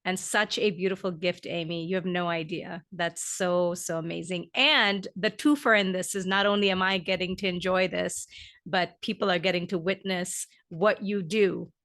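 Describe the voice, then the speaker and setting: A woman's voice: on the low side, fairly even intonation, normal speed, fairly bright tone. A woman hosting a podcast, effusive and full of short affirmations as she responds to her guest. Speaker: podcast host. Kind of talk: casual podcast conversation.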